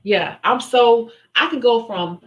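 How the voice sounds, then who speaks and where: A woman's voice: fairly high pitch, animated, takes it slowly, lo-fi sound. A young adult woman hosting a live question-and-answer stream, talking casually and candidly and acting out other voices when she retells stories. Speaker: livestream host answering viewer questions.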